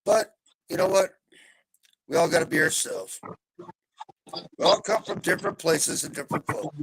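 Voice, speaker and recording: A man on a live panel chat, talking in a vulgar, loud, abrasive way as he tells stories. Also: on the high side, normal speed, gravelly, breathy edge, dry recording, poor audio. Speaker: regular panelist.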